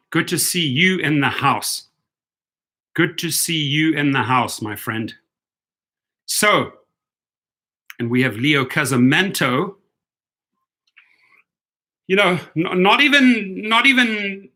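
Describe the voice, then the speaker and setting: A male rideshare commentary host rants on a live stream. He sounds sarcastic and heated. His mid-pitched voice has a bright, forceful edge.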